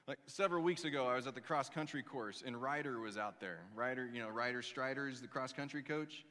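A man in his thirties preaching a sermon, telling stories with lively, dramatic pauses. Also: mid-range voice. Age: 30s. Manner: animated storytelling, reads scripture aloud with dramatic pauses. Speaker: pastor. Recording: long reverb of a large hall.

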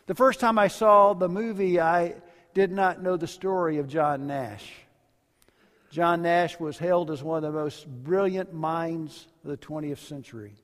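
High-voiced pastor preaching in a reverberant hall. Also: male voice, fairly even intonation, normal speed. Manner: storytelling preacher, varies volume widely, drops to quiet endings. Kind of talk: sermon.

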